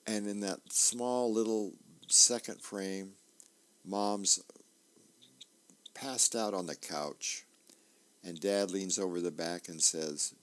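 A male radio host describes comic strips aloud, panel by panel, stopping for fillers as he goes. His voice is fairly low and he moves at a very unhurried pace. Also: fairly even intonation, a bit bright.

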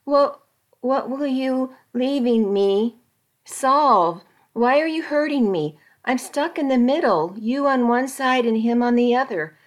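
A woman's voice: big pitch swings, extremely slow, hardly any pauses, full character voice. A woman voicing a frightened young wife who pleads tearfully with her husband. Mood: pleading. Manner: tearful, pleading, raised pitch.

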